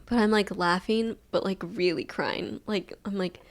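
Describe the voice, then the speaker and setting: A young woman talks through a personal story on her solo podcast, casual and rambling. Her delivery is chill and fairly flat, loose and unhurried, and she leans heavily on "like" as she goes. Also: mid-range voice. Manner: chill, laid-back, monotone delivery; rambling with many fillers like "like". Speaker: podcast host.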